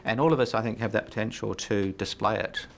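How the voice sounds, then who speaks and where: A man's voice: on the low side, fairly even intonation, fast talker, vocal fry. A middle-aged man telling his life story in an interview, reflective and hesitant, with many fillers and frequent chuckles. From New Zealand. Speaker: interview guest.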